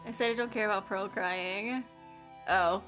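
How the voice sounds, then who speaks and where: A woman's voice: mid-range voice, steady tone, a little slow. Blunt, jokey young woman streamer. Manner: blunt, jokey, swears, laughs at the lines. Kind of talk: casual commentary while reading a game. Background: lofi background music.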